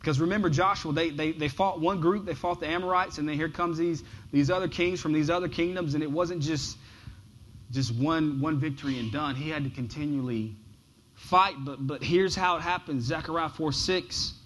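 A pastor preaching a sermon, shifting from loud, emphatic lines to soft, near-whispered ones and often repeating words as he starts a phrase. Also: a little high, moderate pace, slight background noise, poor audio.

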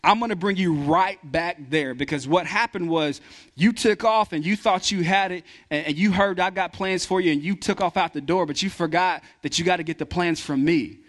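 A man preaching a sermon in an easy, conversational way. His voice sits a bit high for a man. He slips into little acted-out dialogues as he talks. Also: normal speed. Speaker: pastor.

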